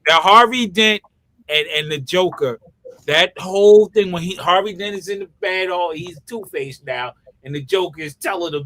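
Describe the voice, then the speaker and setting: A man's voice: sits high, normal speed, bright, forceful tone, no room sound. A man co-hosting a casual podcast chat, emphatic and opinionated, swearing freely. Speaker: podcast co-host.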